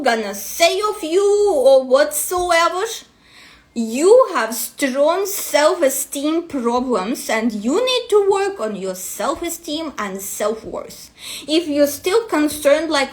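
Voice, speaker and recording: A woman coach with a non-native English accent, ranting bluntly and profanely to her vlog audience. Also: high-pitched. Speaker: destiny matrix coach.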